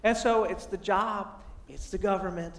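A man with a strikingly high voice delivers a humorous motivational sermon, jumping in pitch as he tells a family story with self-deprecating jokes. The sound is roomy and echoey, and the mic sits at a distance. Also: fairly even intonation, normal speed.

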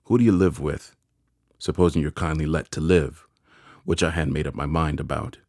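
A gruff escaped convict, rough and threatening, barks short orders in a raised, very deep voice, as a man reads him out. The storybook reading is dry and close to the mic, with no room sound. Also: fairly even intonation, normal speed, darkish tone, no room sound. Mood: interrogating.

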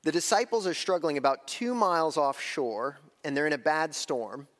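Male pastor, slightly high voice, conversational sermon delivery, long church reverb. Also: a bit bright. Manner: conversational preaching, shifting between slow emphasis and quick asides.

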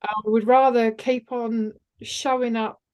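A woman coach speaks earnestly as a podcast guest and doubles up her words for emphasis. Her voice sits a little high. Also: level tone, measured pace, a little mellow. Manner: earnest and emphatic, repeats phrases for stress. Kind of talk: casual interview chat.

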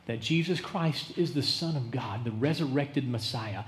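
A male pastor preaching a sermon, dramatic, swinging between loud emphasis and hushed tones. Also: medium pitch, normal speed, slight background noise. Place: church sanctuary. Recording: echoey church sanctuary.

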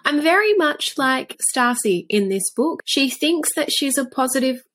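A woman's voice: sits high, expressive, measured pace, a bit bright. A woman in her thirties, co-hosting a podcast in casual, playful chat with mock-posh asides. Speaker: podcast co-host.

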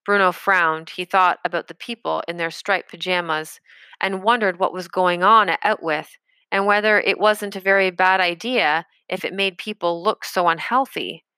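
A woman reading an audiobook chapter in a measured storytelling manner. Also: lowish voice, fairly even intonation, pushed and bright, smooth, no echo. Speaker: audiobook narrator. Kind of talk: scripted narration.

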